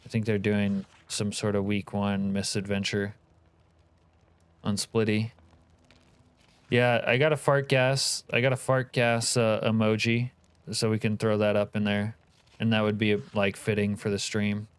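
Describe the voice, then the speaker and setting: A man's voice: lowish voice, flat delivery, measured pace, smooth, no room sound. A man hosting a livestream, chatting casually and joking with his viewers in a profane banter while reading chat. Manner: reads and answers live chat. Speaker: livestream host.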